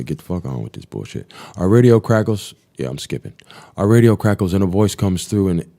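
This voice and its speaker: Low mellow guy on a live stream, reads a diary out loud, cusses and snarks in between. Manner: profane, sarcastic asides. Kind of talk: reading a text aloud with live-stream commentary.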